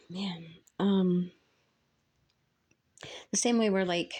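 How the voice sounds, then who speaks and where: A woman giving a casual spoken tarot reading, halting and earnest as she searches for words. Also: on the low side, steady tone, a little mellow. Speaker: tarot reader.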